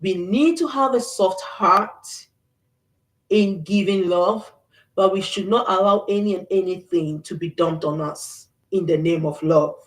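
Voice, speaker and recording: A woman's voice: fairly low pitch, unhurried. Middle-aged woman host, earnest and reflective, a bit distant from the mic in a roomy space. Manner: earnest, reflective, with many fillers and restarts. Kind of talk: faith-based talk. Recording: echoey room, voice off-mic.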